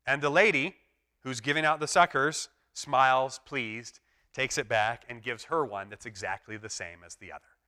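A man's voice: mid-range voice, normal speed, pushed and bright. A man preaching a sermon in an earnest, emphatic way. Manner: earnest, emphatic preaching that acts out quoted voices. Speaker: pastor.

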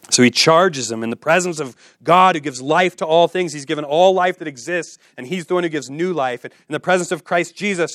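A man's voice: medium pitch, a bit bright, no echo, clean studio sound. A man preaching a sermon with passion, repeating phrases and building to exhortations. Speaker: pastor.

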